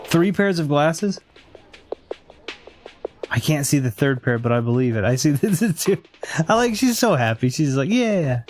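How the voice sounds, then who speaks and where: Man streamer, casual gameplay talk, laughs a lot, thinks aloud, a bit higher voice, music in the background. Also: very animated, a little slow, long pauses, a little mellow. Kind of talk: casual let's-play commentary.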